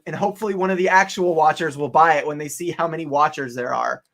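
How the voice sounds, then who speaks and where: An excitable young man chats on a casual live stream with a voice pitched a little higher than most men's. He laughs often and talks straight to his viewers, thinking out loud as he works. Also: fast talker, gravelly, hardly any pauses. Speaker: online reseller hosting a live stream. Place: home office.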